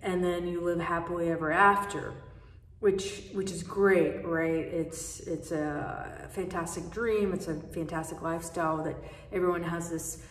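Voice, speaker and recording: A woman's voice: on the low side, fairly even intonation, unhurried. A young woman who moved to America as a child tells a candid personal story in a loose, conversational way, restarting her sentences often. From from abroad, moved to America as a child. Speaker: speaker sharing a personal story. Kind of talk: reflective personal talk. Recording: echoey room, voice from a distance.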